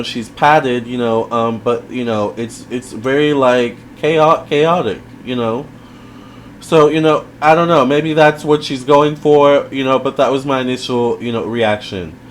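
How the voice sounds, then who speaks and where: A man's voice: mid-range voice, slight background noise. A man giving a casual video review, chatty and rambling, with lots of fillers and side remarks. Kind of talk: casual commentary.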